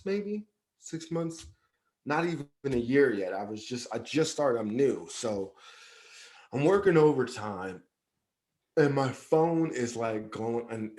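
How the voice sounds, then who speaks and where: In a mid-range voice, a man co-hosting a podcast shares a personal story during casual chat. He talks loosely in everyday speech, performing the quoted dialogue of the people in it and saying "yada, yada" repeatedly.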